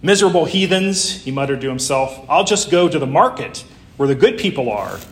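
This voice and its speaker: A man's voice: a little high, big pitch swings, brisk, echoey room. A man voicing a proud, vain young male donkey who demands attention, read as a story within a sermon. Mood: indignant. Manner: indignant and demanding.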